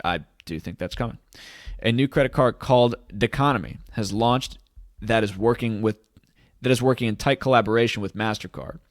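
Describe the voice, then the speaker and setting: A man with a fairly low voice hosting a casual commentary video. He reads news passages aloud and keeps breaking in with sarcastic rhetorical questions. The sound is dry and close, with little room echo. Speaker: host of a cryptocurrency commentary channel.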